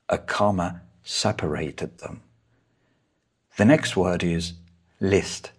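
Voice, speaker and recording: A man with a deep, husky voice teaches an English lesson at an unhurried pace. He explains each rule deliberately and reads out every comma in his examples. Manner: careful, deliberate, spells out each punctuation mark.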